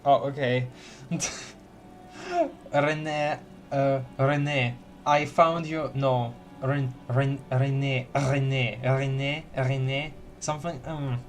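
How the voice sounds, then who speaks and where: A man's voice: medium pitch, fairly even intonation, slow pace, faint music behind. A man streaming a story game, reading dialogue aloud with lots of giggles and playful repeated words.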